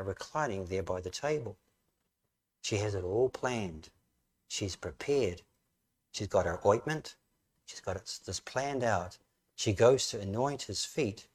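A man preaching a sermon, telling the story vividly and rising to emphatic questions. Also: lowish voice. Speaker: pastor.

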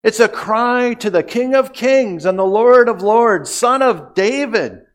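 A high-voiced man delivers a sermon at a slow, deliberate pace. He drops to near-whispers before surging into emphatic, declarative lines. He lets long pauses hang between his phrases. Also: lively intonation. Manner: dramatic swings from hushed to emphatic. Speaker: preacher. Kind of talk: expository sermon.

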